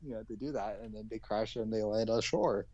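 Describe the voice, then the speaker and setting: A man's voice: fairly low pitch, a little fast, mellow, highs cut off. A young man in casual chat with a friend, rambling, joking and swearing as he acts out a silly cartoon story. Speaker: co-host.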